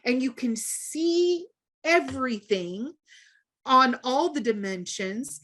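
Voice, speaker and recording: High-voiced woman, fervent and slow. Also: lively intonation, fairly bright tone. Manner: emphatic, decreeing. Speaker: participant. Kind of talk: fervent spiritual sharing.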